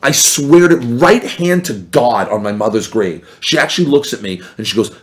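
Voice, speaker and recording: A man chatting as a podcast guest, telling animated stories and acting out what other people said. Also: mid-range voice, moderate pace, few pauses. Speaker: podcast guest, former reality show contestant. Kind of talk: casual storytelling chat.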